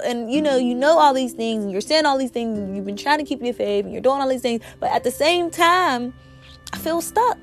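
Woman host doing a faith talk, bit sick voice, kinda high, soft music in the back. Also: lively intonation, normal speed. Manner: earnest, testifying, conversational. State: sick, voice a little off. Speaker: podcast host.

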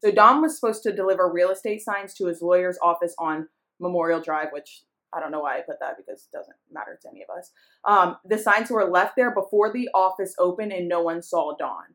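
A woman's voice: on the low side, fairly quick, a bit bright. Chatty young woman telling a case. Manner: chatty, giggly storyteller reading from notes. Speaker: podcast co-host telling a true crime case. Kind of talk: casual chat.

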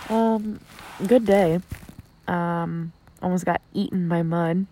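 A woman's voice: lowish voice, steady tone, slow pace, dark tone, a little hiss or hum. A young woman from Minnesota telling a casual, giggly vlog story, with lots of "like" and "um" fillers. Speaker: vlogger. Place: inside a tent outdoors at night. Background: crickets.

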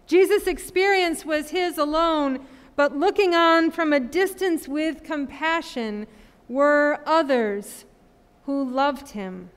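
A woman pastor delivers her sermon in a high, clear voice. She speaks very slowly and leaves long pauses between phrases. Her words trail off into the long reverb of a large church. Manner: slow, measured preaching with long pauses. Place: church sanctuary.

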